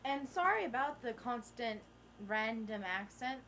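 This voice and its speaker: A woman's voice: a little high, a little slow, a little hiss or hum. A teenage girl vlogging, telling a story in casual chat and acting out the people in it. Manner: animated, acts out the people in the story.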